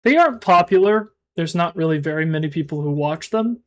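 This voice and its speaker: A male streamer talking to his chat in a loose, halting ramble, often restarting his sentences. His voice sits a little high for a man. By his own account his delivery is monotone and his words are not crisply enunciated. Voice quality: mumbled, self-described monotone. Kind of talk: casual live-stream chat.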